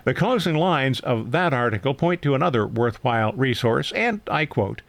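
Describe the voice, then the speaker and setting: A man's voice: mid-range voice, animated, normal speed, vocal fry, no room sound. An older man hosting a tech news segment, reading a scripted explainer in a dry, matter-of-fact way.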